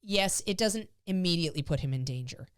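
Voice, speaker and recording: A woman with a low voice talks through dog training on a podcast, animated and chatty, slipping into the voices of her dogs as she tells stories. The sound is dry and close, with no room behind her. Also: a little fast, smooth, no echo. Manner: animated storyteller, acts out dog's thoughts in higher voice. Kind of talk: casual podcast chat.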